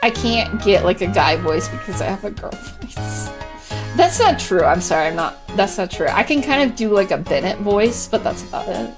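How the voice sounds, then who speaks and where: A woman's voice: medium pitch, animated, normal speed, few pauses. A woman livestreamer chatting casually, giggly, with lots of filler words. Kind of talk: casual live-stream chatter. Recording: clear background music.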